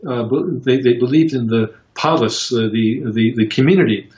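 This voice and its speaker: A man answering interview questions about psychotherapy in a halting, reflective way, with many fillers and restarts as he tells stories. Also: medium pitch, a little mellow. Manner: reflective storytelling. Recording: roomy, dull lo-fi sound.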